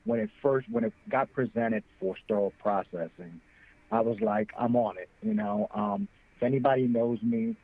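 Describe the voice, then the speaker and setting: A man with a gravelly voice calls in to a panel over a phone line. The sound is tinny and narrow. He talks earnestly and with energy, restarting his sentences as he gathers his thoughts. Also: mid-range voice, normal speed. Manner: earnest, animated, repeats words when starting. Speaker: panelist, program graduate. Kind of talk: casual panel talk by phone.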